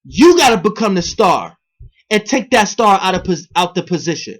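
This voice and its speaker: A video blogger gives his viewers a rambling spiritual monologue full of profanity, swinging between loud, emphatic bursts and quiet muttering. He is very animated and speaks at a moderate pace.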